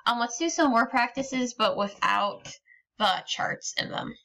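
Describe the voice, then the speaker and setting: A woman's voice: on the high side, animated, a little slow, gravelly, pushed and bright. A woman teaching a recorded lesson, explaining patiently step by step with frequent ums. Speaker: Spanish teacher.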